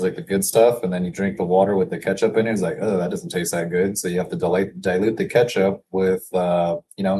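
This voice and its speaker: Low, mellow-voiced man thinking aloud. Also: slight background noise. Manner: thinks aloud, reads quotes slowly, chuckles at himself. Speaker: business consultant reading daily quotes. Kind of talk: casual solo work session.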